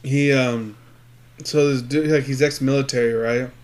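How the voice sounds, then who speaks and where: A man's voice: medium pitch, steady tone, moderate pace, darkish tone. A man telling a rambling story in casual chat, swearing a lot and acting out what people said. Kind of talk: casual chat between friends.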